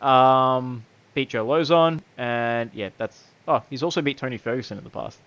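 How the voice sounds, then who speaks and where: A man's voice: medium pitch, normal speed, fairly bright tone, clear, resonant tone, no room sound, muffled recording. A man co-hosting a casual fan podcast, swearing freely, laughing often and rattling off lists of names. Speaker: podcast co-host. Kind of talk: casual chat.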